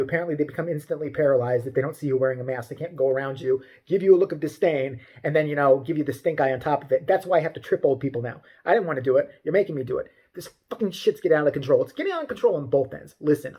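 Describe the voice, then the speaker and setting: Fast, foul-mouthed ranting man. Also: fairly high pitch, darkish tone. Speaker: vlogger. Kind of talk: profane comedic rant.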